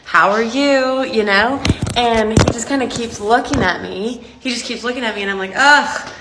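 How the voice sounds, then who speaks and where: A woman's voice: on the high side, a little fast, roomy sound, heavy background noise. A woman chatting through a casual anecdote to camera. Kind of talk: casual vlog storytelling.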